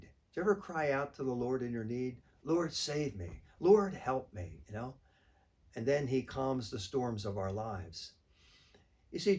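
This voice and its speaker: A man, a priest, giving a short weekly reflection in a conversational, plain-spoken way. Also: medium pitch.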